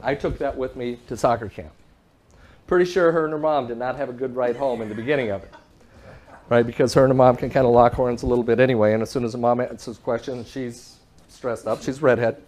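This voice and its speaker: A man giving a talk, telling a story in a lively way and acting out both sides of a phone call, often laughing and pausing for the audience. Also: mid-range voice. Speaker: public speaker.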